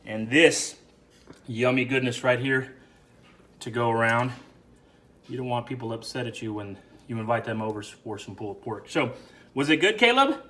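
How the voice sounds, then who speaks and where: Bright-voiced man hosting a cooking vlog. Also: medium pitch, flat delivery, moderate pace, long pauses. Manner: chatty, explains each step to the viewer. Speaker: cooking show host. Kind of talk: casual how-to cooking narration.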